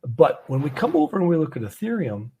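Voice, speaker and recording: A man's voice: fairly high pitch, huge pitch swings, fairly quick, dark tone, slightly rough. A man hosting a live trading stream from an office, chatty and rambling with many fillers and easy laughs. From Canada. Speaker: host of a live trading show. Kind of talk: casual livestream chat.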